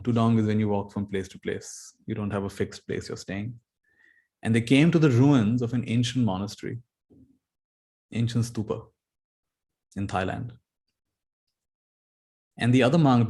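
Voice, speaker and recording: A man giving a dharma talk as meditation teacher, telling stories gently and repeating key phrases. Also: lowish voice.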